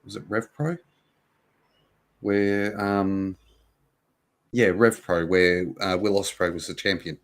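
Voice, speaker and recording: A man's voice: deep voice, slow, pauses often, rough recording. A man co-hosting a casual wrestling post-show chat, emphatic, swearing freely and repeating his points. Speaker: co-host.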